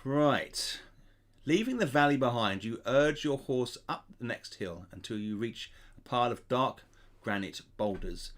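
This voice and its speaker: A man reads a gamebook aloud, his pitch rising and falling expressively. He breaks off now and then for casual asides to his viewers, sounding relaxed and chatty. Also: unhurried. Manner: lively reading with casual asides to chat. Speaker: gamebook player and channel host. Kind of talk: reading aloud and commenting on a gamebook.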